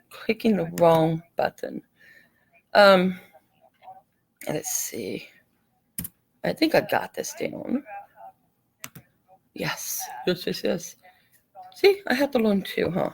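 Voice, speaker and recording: A woman's voice with a creaky, gravelly texture, talking casually through a live craft tutorial. She is chatty and apologetic and welcomes viewers by name as they arrive. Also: on the low side, low-quality recording. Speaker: craft channel host.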